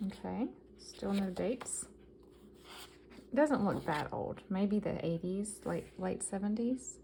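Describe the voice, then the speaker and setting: A woman's voice: medium pitch, slow pace, gravelly, warm tone, slight background noise, poor audio. A woman chatting casually as she shows off vintage yard-sale finds, reading items aloud with enthusiasm. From American South. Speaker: vintage collector vlogger. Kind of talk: casual show-and-tell haul.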